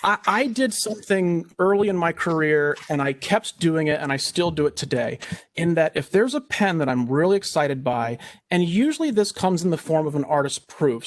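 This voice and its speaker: A man's voice: fairly high pitch, no echo, clean studio sound. A man who makes pens talking in a rambling, heartfelt way on a video call panel. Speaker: penmaker panelist. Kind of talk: casual panel discussion.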